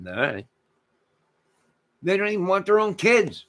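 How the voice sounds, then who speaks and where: A man hosting his own channel, delivering a rambling rant to camera, emphatic and repetitive, swinging between loud declarations and muttered asides. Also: high-pitched, big pitch swings, normal speed, pauses often. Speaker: channel host.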